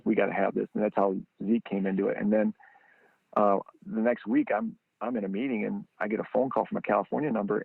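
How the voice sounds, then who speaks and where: A man telling a story as a guest on a podcast. He acts out the people he quotes with sudden high jumps in his voice. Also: gravelly, no echo. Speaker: guest, training football founder. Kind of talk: animated storytelling. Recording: dry, tinny phone-line sound.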